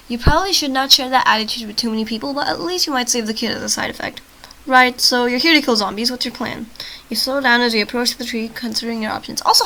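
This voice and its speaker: A woman reading a text adventure game aloud for her channel, her voice a little high and very bright and forceful. She stumbles over words, restarts and keeps stepping out of the story to joke about it. She is short on sleep. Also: a little hiss or hum, rough recording. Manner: trips over words and restarts, breaks off into joking comments. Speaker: gaming channel host.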